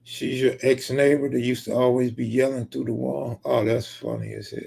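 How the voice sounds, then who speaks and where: A man's voice: medium pitch, level tone, normal speed, gravelly, dark tone, breathy edge. A man from California, live streaming and casually reading viewer comments aloud, bantering back with joking, profane remarks.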